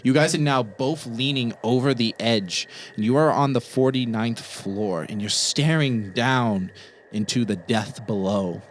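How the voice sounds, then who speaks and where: A man running a tabletop horror game, narrating scenes quickly and vividly. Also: medium pitch, a little hiss or hum. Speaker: game master.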